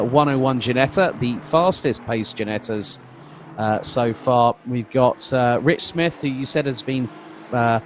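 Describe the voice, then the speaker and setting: A man's voice: mid-range voice, a little hiss or hum. A man doing lead commentary on a sim race stream, chatty and loose, with fillers and restarts. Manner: conversational, fillers and restarts, reads out viewer comments.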